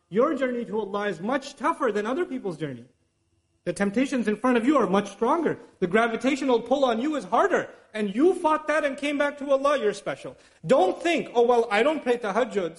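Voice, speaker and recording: A middle-aged man, giving a sermon and acting out the excuses people tell themselves. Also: very high-pitched. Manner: animated, acts out the inner voices and excuses of listeners. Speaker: Islamic teacher.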